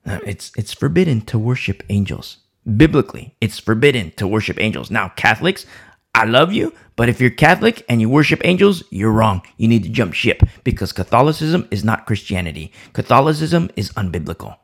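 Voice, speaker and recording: A man preaches a midweek Bible study with a gravelly, husky voice. His pitch swings widely as he presses each point, often repeating a phrase for stress. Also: very animated, fairly quick. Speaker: Bible teacher.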